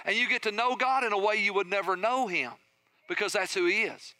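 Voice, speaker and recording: A middle-aged man, a pastor preaching a sermon with energetic storytelling and questions to his congregation. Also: sits high, a little fast, no room sound.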